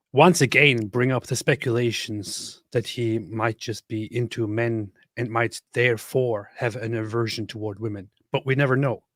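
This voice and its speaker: A man's voice: fairly low pitch, dry recording, clean studio sound. A man hosting a livestream, chatting casually and mocking a clip with frequent laughs. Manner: mocking, laughs often, relaxed. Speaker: livestream host. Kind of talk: casual commentary chat.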